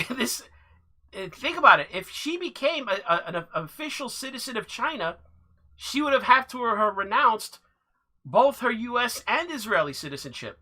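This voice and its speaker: A man giving casual commentary over clips, halting and restarting with dry laughs. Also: very high-pitched, sing-song, pushed and bright.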